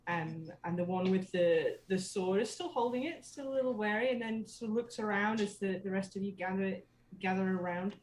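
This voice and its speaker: A woman's voice: mid-range voice, fairly quick, a little mellow, roomy sound, rough recording. A woman narrating as dungeon master in a tabletop game, hesitant with many fillers.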